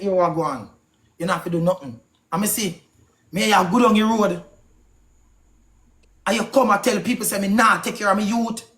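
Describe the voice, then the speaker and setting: A man with a Jamaican accent on a live stream, ranting hard, swearing often and repeating himself for emphasis. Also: high-pitched. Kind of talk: heated live-stream rant.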